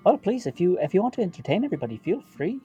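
Mellow, lively genteel woman. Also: on the low side, racing, muffled recording, soft background music. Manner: genteel and polite. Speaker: player voicing a genteel lady. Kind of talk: in-character tabletop role-play.

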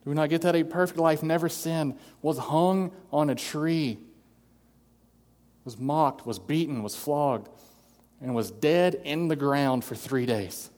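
A man's voice: on the high side, unhurried, darkish tone. A man preaching an earnest sermon as pastor, acting out quoted voices as he goes. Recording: long hall reverb.

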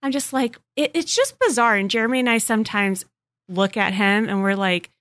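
A woman's voice: on the high side, animated, moderate pace, fairly bright tone, dry recording, clean studio sound. A woman in her thirties co-hosting a casual podcast, chatting and teasing her friend about family life. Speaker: podcast co-host. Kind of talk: casual chat.

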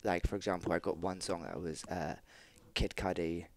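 A man's voice: sits low, fairly even intonation, normal speed, no echo. A man co-hosting a podcast, joking along and talking casually about his work. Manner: laughing easily, joking along. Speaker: podcast co-host.

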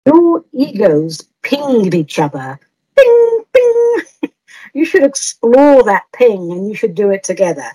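A woman's voice: medium pitch, very animated, measured pace, dark tone, husky, low-quality recording. A woman hosting an advice podcast, answering listener letters in a playful, teasing way and laughing often.

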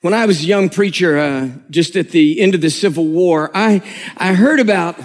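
High-voiced man preaching with humor. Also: moderate pace. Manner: animated storytelling with humor. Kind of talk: sermon.

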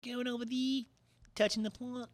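A man's voice: very high-pitched, level tone, normal speed, no room sound, pitched above the performer's own voice. A man putting on a goofy Kiwi bloke. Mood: joking. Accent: mock New Zealand. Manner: says "mate" a lot, rambling and drawling. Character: goofy laid-back New Zealand bloke. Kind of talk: comic accent impression.

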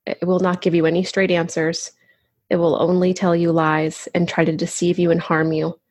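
A woman speaking as her character, a gentle and earnest young woman comforting a friend in a tabletop game. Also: lowish voice, flat delivery, normal speed, dry recording, clean studio sound, natural voice.

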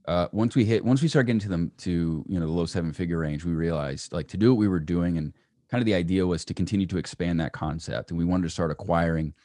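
A young man with a very low voice tells his story quickly as a podcast guest. He keeps tagging "right?" onto his sentences, and he sounds animated. The recording is dry and close. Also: no echo. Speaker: entrepreneur guest.

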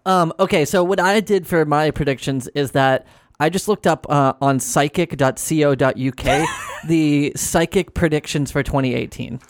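A man's voice: fairly high pitch, normal speed. A man co-hosting a podcast in casual chat, dry and teasing. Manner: wry, teasing. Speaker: podcast co-host.

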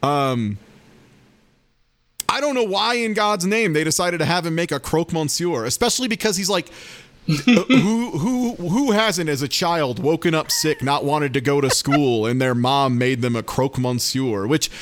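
A man's voice: fairly high pitch, expressive, normal speed, fairly bright tone. A man co-hosting a casual podcast, explaining things eagerly and at length. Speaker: podcast co-host. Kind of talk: casual chat.

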